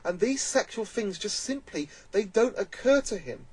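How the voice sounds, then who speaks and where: A man talking in an earnest, emphatic way, with a voice pitched a little above most men's. He speaks as a vlogger giving casual commentary and circles back to press his points home. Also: big pitch swings, normal speed, husky, rough recording.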